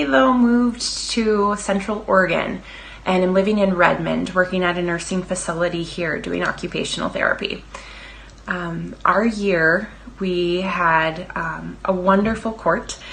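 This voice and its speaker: A woman's voice: on the low side, vocal fry, a bit bright. A woman in her thirties from Minnesota, a former pageant winner giving a reflective recorded greeting.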